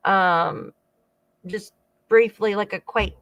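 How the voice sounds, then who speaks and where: A woman's voice: medium pitch, fairly even intonation, slow, fairly bright tone, dull audio. A woman hosting a true-crime channel, giving rambling casual commentary with frequent asides to her viewers. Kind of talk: casual commentary over clips.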